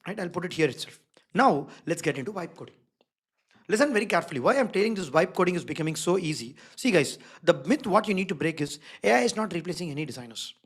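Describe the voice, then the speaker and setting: A man's voice: high voice, lively intonation, fast, slightly rough. Emphatic design instructor man. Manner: keeps checking in with the audience; emphatic, repeats key words. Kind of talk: live online workshop teaching.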